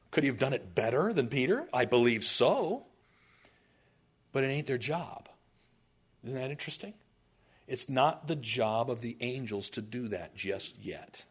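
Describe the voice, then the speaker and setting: A man's voice: mid-range voice, husky. A male pastor preaching a sermon, telling stories animatedly with asides to the congregation.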